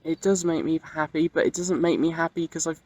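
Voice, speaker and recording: A woman's voice: deep voice, level tone, brisk, darkish tone. A young trans woman speaking frankly in a direct-to-camera video diary, with plenty of casual fillers. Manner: candid, frank, frequent fillers. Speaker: video diarist.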